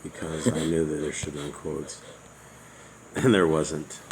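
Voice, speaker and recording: Man, very low and gravelly, laid-back proofreading banter, faint room noise. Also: unhurried. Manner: relaxed, joking, checks along with the reader. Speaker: proofreader checking text. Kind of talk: casual proofreading chat.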